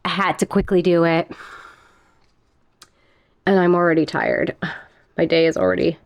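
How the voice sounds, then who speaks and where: A woman's voice: lowish voice, flat delivery, moderate pace, creaky, no room sound. A young woman chatting casually in a plant care vlog, a little out of breath and giggling now and then. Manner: chatty, giggly, talks softly to her plants. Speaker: plant vlogger.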